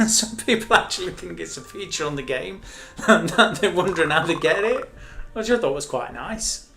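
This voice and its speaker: A man's voice: a little high, lively intonation, moderate pace, creaky. A man casually chatting and rambling as host of a live game stream, joking at his own expense. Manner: chatty, rambling, self-mocking.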